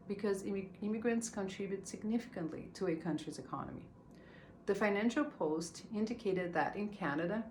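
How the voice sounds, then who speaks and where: Woman speaker, somewhat low voice, earnest measured talk, faint hiss behind. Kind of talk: prepared talk. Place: stage.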